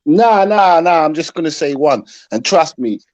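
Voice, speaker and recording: A man jokes around with his friends. He talks in a high voice with lots of lift and fall. The sound is dull and lo-fi. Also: normal speed. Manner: joking, animated. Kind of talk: casual group chat.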